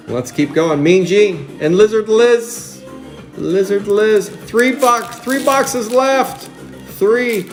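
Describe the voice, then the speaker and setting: A man hosts a live card break in a slightly high, excitable voice. He chats loosely with viewers and rattles off card names as he opens packs. Soft music runs faintly behind him.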